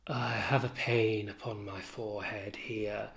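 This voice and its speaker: A man voicing Othello, a tormented, jealous older husband, in a low, brooding recitation of verse. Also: fairly even intonation, a little slow, fairly bright tone.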